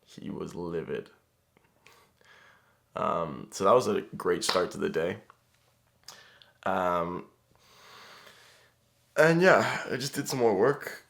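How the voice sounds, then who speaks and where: A man's voice: low-pitched, lively intonation, slow pace, gravelly, pauses often, a bit bright. A young man chatting casually in a vlog, laid-back and laughing, with casual swearing. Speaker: vlogger.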